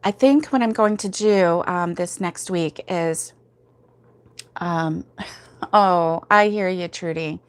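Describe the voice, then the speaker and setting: A woman's voice: fairly low pitch, slow pace, smooth. A woman hosting a casual crochet livestream, rambling and laughing as she answers viewers' comments, sleepy and yawning, talking from home. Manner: chatty and rambling, many fillers, laughs often.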